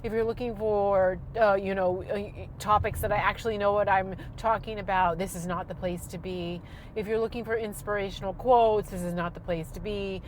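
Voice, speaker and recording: A middle-aged woman, rambling loudly and self-deprecatingly to camera while driving, on a clip-on mic. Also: medium pitch, steady tone, normal speed, slight background noise. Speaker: vlogger. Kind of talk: rambling casual monologue. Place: in her car while driving. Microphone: clip-on microphone.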